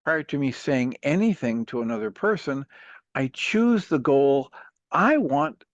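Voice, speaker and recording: A man talks a caller through a problem with patient, earnest care. His voice sits at a middle pitch. The sound is close and dry, a bit dull like broadcast audio. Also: a little slow, no room sound. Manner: earnest, patient, steady counseling. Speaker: radio talk show host, coach. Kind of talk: calm advice on a call-in show.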